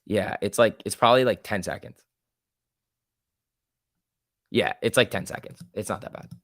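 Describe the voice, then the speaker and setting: A young man hosting a casual stock trading livestream, joking and reading chat aloud, his voice swinging between loud and soft. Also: lowish voice, quick pace, dry recording, clean studio sound.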